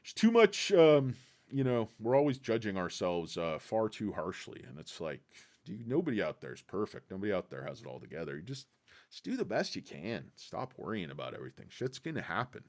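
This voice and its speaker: A man's voice: lowish voice, big pitch swings, a little fast, darkish tone. A man hosting a casual livestream, rambling in a laid-back way, answering chat and peppering his talk with "guys.". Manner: quotes film lines in put-on voices. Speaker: livestream host reading chat.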